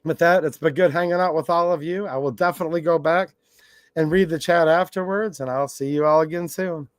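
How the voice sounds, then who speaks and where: A man's voice: on the high side, fairly even intonation, brisk, no echo, clean studio sound. A man hosting his channel, delivering a blunt, sarcastic rant to his viewers. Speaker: gun channel host. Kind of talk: ranting livestream monologue.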